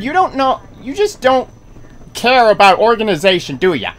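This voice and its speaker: A man doing let's-play commentary, excitable and goofy, yelling taunts and curses at enemies and making silly noises. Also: high-pitched, brisk, soft background music. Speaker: gaming channel host. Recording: noisy background ambience.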